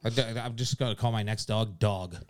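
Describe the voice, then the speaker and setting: A man's voice: on the low side, steady tone, fairly quick. A man co-hosting a podcast in casual chat, blunt and sardonic, swearing freely. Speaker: podcast co-host.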